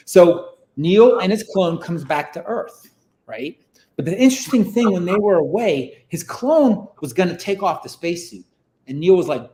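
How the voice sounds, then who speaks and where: Seorang pria bersuara agak tinggi bercerita dengan santai dan bertele-tele sebagai tamu podcast. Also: male voice, a little high, expressive, normal speed, a little mellow, echoey room. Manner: rambling, many fillers like "like" and "you know". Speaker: podcast guest. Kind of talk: casual storytelling.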